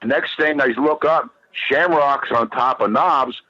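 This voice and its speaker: A man's voice: mid-range voice, unhurried, pushed and bright, dry recording. A man guest telling a long story in a profane, rambling, emphatic way. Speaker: podcast guest. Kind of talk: animated storytelling. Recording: dull lo-fi dry sound.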